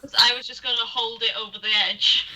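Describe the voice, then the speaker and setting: A woman's voice: a little high, fairly even intonation, fairly quick, sharp tone, poor audio. A woman as a player in a tabletop game, questioning and wry. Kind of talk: casual tabletop play.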